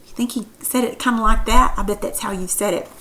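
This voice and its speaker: A woman's voice: fairly high pitch, fairly quick, a bit bright, rough recording. A woman teacher reading a story aloud and then asking questions about it patiently.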